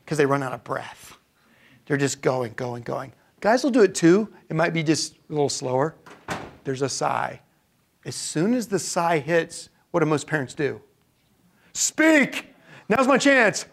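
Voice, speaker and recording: A man's voice: on the high side, gravelly. Chatty man speaking to a live audience. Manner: conversational, often checks in with "okay?" and asks the audience questions. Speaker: parenting seminar speaker.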